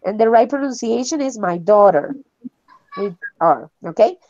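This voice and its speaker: A woman's voice: medium pitch, expressive, moderate pace, darkish tone, dry recording, lo-fi sound. A woman teaching an English class online, encouraging her students and laughing often.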